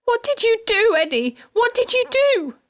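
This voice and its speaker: A woman voicing a frantic, overwrought middle-aged mother in an audiobook, pleading and shrill. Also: expressive, a little slow, darkish tone, no room sound, studio quality, full character voice. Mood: hysterical. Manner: shrill, pleading, breaking into screams. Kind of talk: audiobook character reading.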